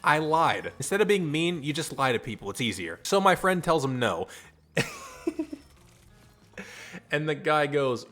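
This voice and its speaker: A man's voice: on the high side, big pitch swings, measured pace, pauses often, fairly bright tone, faint music behind. Chatty young man telling a story. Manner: rambling and chatty, swears, laughs at his own story. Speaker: storytime vlogger. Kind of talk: casual storytelling to camera.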